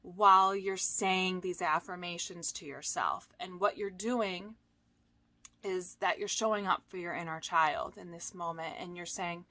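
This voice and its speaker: A woman coach giving casual advice, chatty and animated, with lots of fillers and playful "blah, blah" asides. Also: lowish voice, unhurried. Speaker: holistic coach.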